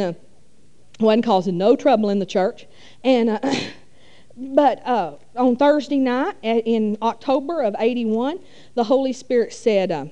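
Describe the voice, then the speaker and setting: Middle-aged woman, warm mellow tone, folksy rambling church testimony. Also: a little high, lo-fi sound. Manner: folksy rambling with many fillers. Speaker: church speaker. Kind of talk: testimony storytelling.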